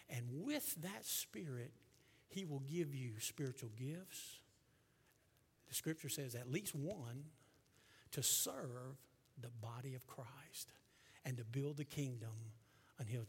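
A male pastor preaching a sermon to his congregation, swinging from hushed tones to loud, fervent passages. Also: medium pitch, breathy edge. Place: church sanctuary with congregation.

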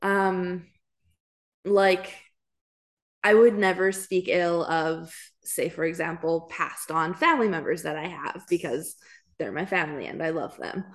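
A young woman co-hosting a podcast in casual chat, quick to agree and toss in dry jokes. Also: fairly low pitch. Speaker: podcast co-host.

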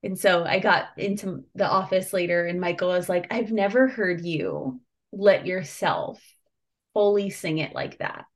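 A woman hosting a podcast, chatting warmly and emotionally with a friend, laughing often and speaking softly at tender moments. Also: fairly low pitch, lively intonation, a little slow. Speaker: podcast host. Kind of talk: casual heartfelt chat.

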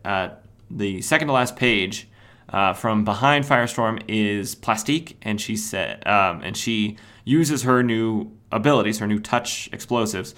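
A comics podcast host with a fairly low, slightly bright voice and a clean tone casually recaps stories. He rambles, with plenty of "uh" fillers and self-corrections.

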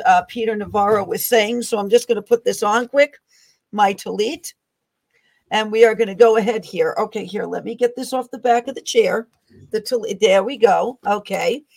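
A woman hosting a faith-based interview show, affirming her guest with frequent agreeing murmurs. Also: medium pitch. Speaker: host.

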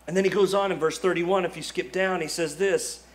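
A male pastor delivering a sermon in a lively, conversational way, often saying "like" and acting out the quotes he reads. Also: sits high, brisk.

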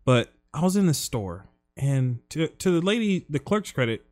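A man's voice: on the high side, very animated, a little mellow. A young man hosting a casual podcast chat, blunt and profane. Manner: blunt, swearing, quick reactions and laughs. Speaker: podcast host.

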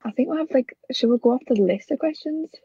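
A young woman with a Geordie accent, chatting shyly and laughing easily. Her voice sits a bit high but carries a gravelly, husky edge, recorded dry and close. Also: expressive, fast, narrow, tinny audio. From Newcastle area, England. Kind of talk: casual chat.

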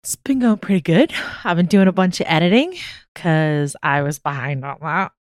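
A woman's voice: sits low, moderate pace, no echo, clean studio sound. A young woman hosting a casual podcast chat, bubbly and talkative, laughing easily. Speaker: podcast host.

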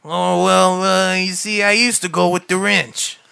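A man reenacting a foul-mouthed young tough in an exaggerated put-on Boston accent, loud and swaggering. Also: sits high, level tone, unhurried, creaky, clean tone, voice pushed up, full character voice. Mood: brash. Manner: loud, swaggering, laughing through lines.

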